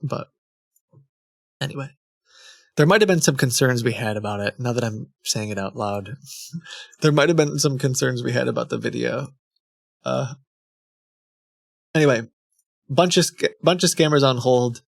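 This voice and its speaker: A man's voice: medium pitch, moderate pace, gravelly, long pauses, no echo. A man hosting a stream, chatting casually in a rambling, self-interrupting way and laughing at himself. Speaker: streamer host. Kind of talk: casual chat.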